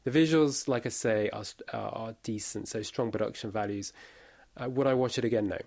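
A man reviewing a film in casual chat, pausing often with fillers and restarts. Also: lowish voice, vocal fry, darkish tone. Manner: hesitant, many fillers and restarts. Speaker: film critic.

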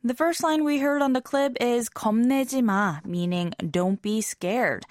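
A woman hosting a scripted language lesson, explaining phrases clearly and slowing down on key expressions. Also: a little high, no echo, clean studio sound.

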